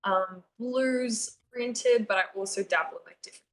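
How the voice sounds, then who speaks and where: A woman's voice: a little high, normal speed. A young woman, a singer-songwriter guest, chatting casually and giggling with lots of fillers. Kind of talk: casual chat.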